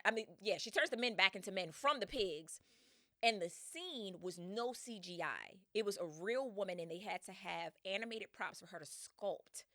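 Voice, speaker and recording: A woman with a lowish voice hosts a podcast in clean studio sound with no room tone. She retells a story in casual slang, animated and energetic, laughing often.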